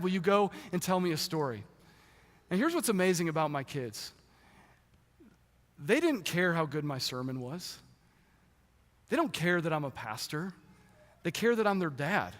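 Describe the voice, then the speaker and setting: A young adult man, a pastor, delivering a sermon in a lively, conversational way in a church. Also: sits high. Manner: animated, conversational preaching. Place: church sanctuary. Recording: long church hall reverb.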